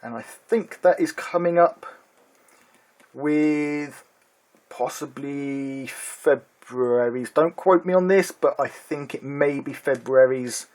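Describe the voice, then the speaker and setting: A man hosting his own miniatures hobby channel, casually reviewing a magazine issue in a relaxed, chatty way with frequent ums and uhs, now and then reading short passages aloud in a flatter tone. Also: mid-range voice.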